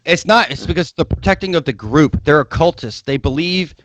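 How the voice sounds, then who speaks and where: A man co-hosting a casual comedy podcast, loud and argumentative, swearing freely and talking over the others. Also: fairly high pitch, brisk, dry recording. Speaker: podcast co-host.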